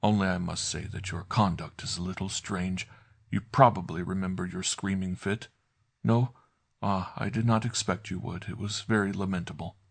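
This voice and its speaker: A man voicing a pompous, smooth-talking older male doctor who speaks in an unctuous, oracular way in a storybook reading. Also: deep voice, fairly even intonation, moderate pace, heavily acted. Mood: smooth menace.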